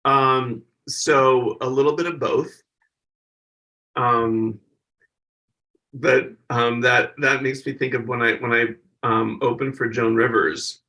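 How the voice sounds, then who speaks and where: A stand-up comedian appears as a guest in a casual interview, telling stories animatedly and acting out the people he quotes. His medium-pitched voice moves slowly, and the mic sits at a distance.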